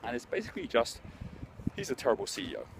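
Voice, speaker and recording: A man's voice: mid-range voice, sing-song, fast talker, a little hiss or hum, natural voice. A man voicing a blunt male business consultant with a curt, dismissive manner.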